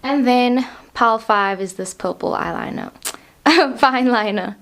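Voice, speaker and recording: A woman's voice: fairly high pitch, measured pace, gravelly, fairly bright tone. Bubbly woman tarot vlogger. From South Africa. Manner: bubbly, chatty and rambling. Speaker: tarot reader. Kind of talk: casual tarot reading vlog.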